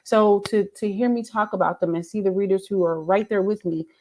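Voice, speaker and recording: A woman, an independent author, talking casually on a publishing panel over a video call, bursting with energy, with restarts and laughter. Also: fairly quick. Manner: animated, acts out quotes with big jumps in pitch.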